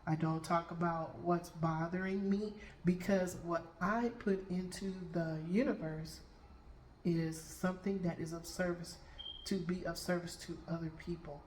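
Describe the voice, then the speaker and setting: A woman's voice: lowish voice, steady tone, unhurried, darkish tone, slight background noise. A middle-aged woman, a Reiki master and tarot reader, telling spiritual stories to viewers and checking in with "okay?" after nearly every point. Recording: roomy room with faint background ambience.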